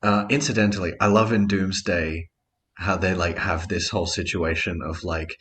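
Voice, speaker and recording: A low-voiced man guesting on a podcast, speaking in eager, quick bursts and cursing freely. His delivery is loose and excited. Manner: enthusiastic, swears casually, talks in quick bursts. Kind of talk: casual chat.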